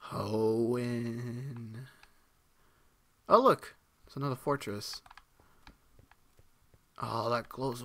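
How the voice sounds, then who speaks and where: A man giving live, excitable gameplay commentary, talking to himself, swearing and reacting loudly as he plays. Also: medium pitch, extremely slow, pauses often, no echo.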